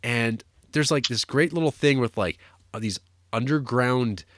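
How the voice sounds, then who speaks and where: A young podcast co-host talks casually and meanders, peppering his speech with fillers and restarts. His medium-pitched voice is unhurried and slightly bright, recorded dry at studio quality.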